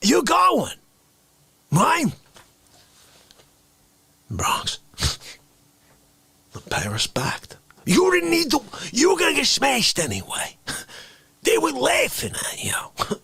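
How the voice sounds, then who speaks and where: Man doing a ranting character, raspy, high and sharp, shouting, close dry sound. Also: dry recording, exaggerated voice. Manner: shouting outbursts, mock-interrogating, rambling hypotheticals. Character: indignant ranting man grilling people. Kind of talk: comedic character rant on a livestream.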